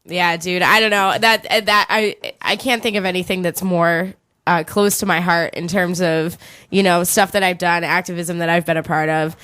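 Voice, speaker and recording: A woman's voice: lowish voice, steady tone, normal speed, fairly bright tone, clean tone. A young woman co-hosting a talk radio show, chatting with passion about activism. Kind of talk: casual talk radio chat.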